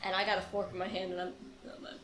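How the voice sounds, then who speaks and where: A woman's voice: fairly low pitch, completely flat delivery, fast talker, echoey room, music in the background. A young woman, a student guest on a podcast, telling wry anecdotes in casual chat. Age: young adult.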